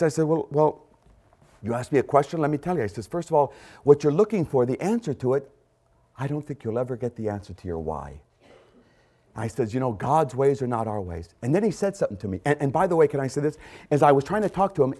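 Man, preacher, sermon, lively pitch, dramatic loud-to-quiet swings, repeats phrases for emphasis. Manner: dramatic, swings between shouting and hushed storytelling.

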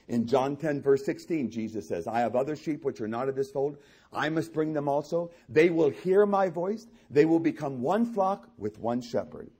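Male pastor, husky, fairly high voice, lively wide-ranging delivery, animated sermon with repeated emphatic lines. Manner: animated preaching with acted-out voices and rising emphatic repetition.

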